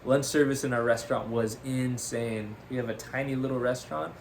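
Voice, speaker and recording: A young podcast co-host laughs often as he briskly tells an animated, casual story, using the word "freaking" frequently. His voice is medium-pitched, and slight background noise can be heard.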